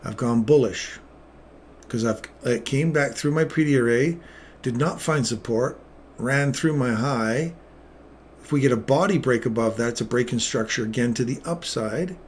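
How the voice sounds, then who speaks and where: A middle-aged man giving excitable, self-mocking live commentary on his own trades as he makes them. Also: mid-range voice, normal speed, a little hiss or hum.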